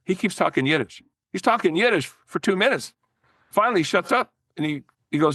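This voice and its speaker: An older man, a former record promoter, telling animated, profane stories as a podcast guest, often restarting his sentences. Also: on the high side, fast talker, no room sound, clean studio sound. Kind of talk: casual storytelling in a podcast interview.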